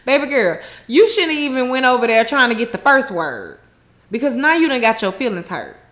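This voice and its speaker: A woman's voice: on the high side, sing-song, normal speed, fairly bright tone. A woman casually recapping a TV episode, retelling scenes in her own words with slang and frequent laughter. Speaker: recap host.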